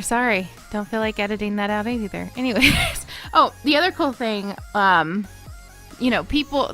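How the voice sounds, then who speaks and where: Bright, giggly young woman chatting. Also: mid-range voice. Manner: rambling, chatty, giggly, apologetic. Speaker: game building vlogger. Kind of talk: casual chat over gameplay.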